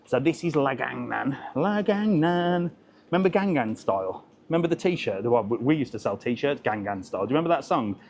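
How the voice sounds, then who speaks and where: A man's voice: medium pitch, animated, brisk, gravelly, few pauses, slight background noise. A man, chatting cheekily with passers-by as he walks through an outdoor market and marina for his travel vlog. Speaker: travel vlogger. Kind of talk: casual walking vlog.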